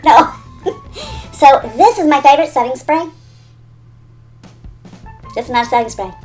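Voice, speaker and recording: A woman beauty vlogger chattering playfully to herself and her products, giggling often. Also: sits high. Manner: giggly, talks to herself and objects.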